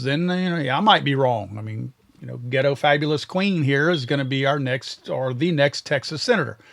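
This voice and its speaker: A man's voice: on the high side, fairly bright tone. A man from Louisiana hosting a podcast, giving blunt and sarcastic political commentary. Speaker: podcast host.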